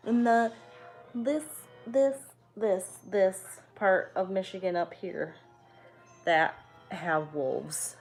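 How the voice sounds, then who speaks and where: A woman's voice: medium pitch, extremely slow, faint music behind. A young woman streaming from home, chatting casually with her viewers, swearing freely and answering their comments. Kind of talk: casual chat.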